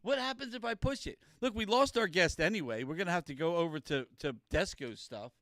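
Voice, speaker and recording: A man hosts a podcast in casual chat, stammering and playfully bewildered. His pitch swings widely and sits slightly high. The sound is close and dry. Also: animated, fairly quick, fairly bright tone, dry recording. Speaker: podcast host.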